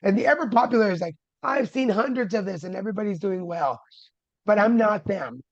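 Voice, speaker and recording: A man's voice: sits high, animated, fairly quick, no echo. A man sharing his cancer story as a guest, candid and humorous, with dramatic retellings. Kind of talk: personal storytelling. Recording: dull lo-fi dry sound.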